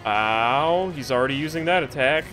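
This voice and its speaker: Excitable man yelping through gameplay. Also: medium pitch, normal speed, soft background music. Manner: excitable, yelps and swears at the game. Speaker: streamer. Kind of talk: live gameplay commentary.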